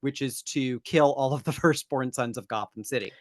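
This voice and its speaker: A woman co-hosting a podcast, casually retelling a film's plot with fillers and quick laughs. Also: rumbling low, no room sound, clean studio sound. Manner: relaxed storytelling with fillers and laughs. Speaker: podcast co-host. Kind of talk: casual chat recapping a film.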